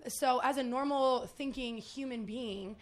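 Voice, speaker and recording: A young woman with a fairly high voice tells a story as a podcast guest. She talks loosely, drops swear words, laughs as she goes, and fills her sentences with "like". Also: moderate pace. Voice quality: laughing often, swearing, lots of "like". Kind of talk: casual chat.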